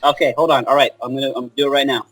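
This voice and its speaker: A man's voice: medium pitch, little pitch movement, very fast, a crowd in the background. A man appearing as a guest on a casual podcast, playful and eager.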